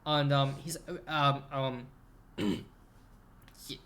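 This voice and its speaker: A man running a tabletop game as game master, narrating haltingly with many fillers. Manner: halting, hesitant narration with lively swings in pitch.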